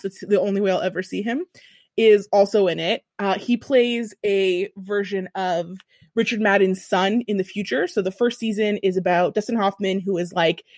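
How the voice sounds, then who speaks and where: A woman's voice: medium pitch, no room sound, studio quality. A woman co-hosting a podcast, telling a long story in casual chat with big swings in her voice and some swearing. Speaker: podcast co-host.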